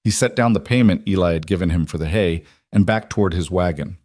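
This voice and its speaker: A man narrating a frontier story in an even, measured way. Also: deep voice, no echo, clean studio sound.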